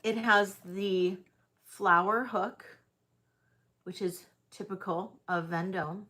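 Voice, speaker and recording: A woman hosting a live online sale, chatting casually as she auctions vintage jewelry, with frequent ums and pauses. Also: medium pitch, steady tone, pushed and bright. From United States.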